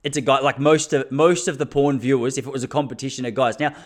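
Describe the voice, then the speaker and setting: An Australian man in his thirties talks fast in a mid-range voice with fairly even intonation. He's hosting a casual solo podcast monologue, speaking intensely and laughing between his points.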